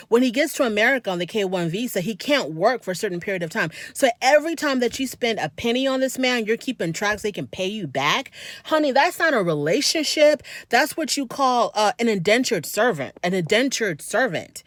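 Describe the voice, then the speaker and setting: A woman with a mid-range voice gives a casual recap of a reality TV show. She is chatty and opinionated and speaks straight to her audience. The sound is close and dry, with no room echo. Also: mid-range voice. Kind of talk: casual commentary.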